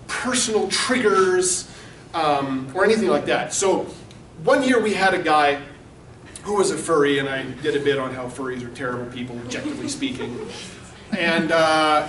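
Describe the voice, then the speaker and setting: A man's voice: sits high, fairly bright tone, slight background noise. A man running a convention's charity auction, telling crude, mocking stories to a live room. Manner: brash, mocking, storytelling with laughs. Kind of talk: crude comedic auction warm-up. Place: convention hall. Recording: echoey hall recorded from far off.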